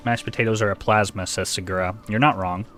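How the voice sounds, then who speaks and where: Dry-humored guy streaming a game, bright forceful voice, faint music under it. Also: lowish voice, steady tone, quick pace. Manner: wry, self-deprecating. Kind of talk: casual stream chat.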